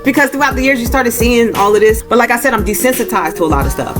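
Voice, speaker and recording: A woman's voice: fast, few pauses, music in the background. A woman giving a casual, informal movie review, talking loosely and acting out characters' lines in a raised voice. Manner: informal, uses y'all, acts out quoted lines with rising pitch. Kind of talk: casual plot recap and review.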